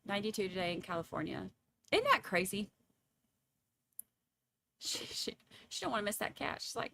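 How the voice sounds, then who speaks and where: Woman, livestream host, gravelly fry, bright tense tone, chatty and laughing. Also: mid-range voice, animated, moderate pace, pauses often, a little hiss or hum. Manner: chatty, laughs often, reads comments aloud. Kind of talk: casual chat reading viewer comments. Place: home.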